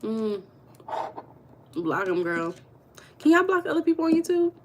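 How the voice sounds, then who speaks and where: A woman's voice: high-pitched, sing-song, unhurried, a little mellow, a little hiss or hum. A woman hosting a casual livestream, chatting and gossiping with her viewers and reading their comments aloud. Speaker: livestream host.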